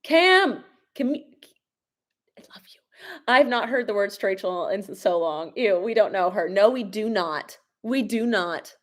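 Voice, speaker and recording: Sitting at a laptop in her kitchen at home, a young adult woman hosts a casual live stream, picked up by a propped-up laptop or phone camera. Medium-pitched, animated and a bit slow, she laughs a lot while reading comments, slightly sniffly with a cold.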